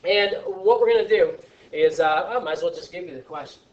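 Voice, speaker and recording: A man teaching a science class, talking in a chatty, joking way with animated asides to his students. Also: sits high, fairly quick, highs cut off. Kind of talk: classroom lesson. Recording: echoey classroom from far off.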